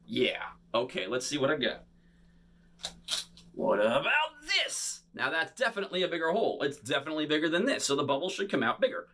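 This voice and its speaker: A man's voice: on the high side, racing, hardly any pauses. A man performing an interactive bubble show for children, talking playfully to an unseen young audience. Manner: animated and showy.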